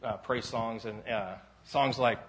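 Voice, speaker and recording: A man pastor preaching a casual sermon in a church sanctuary, telling rambling self-deprecating stories that break into loud shouts. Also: mid-range voice, measured pace, slight background noise. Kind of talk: conversational sermon.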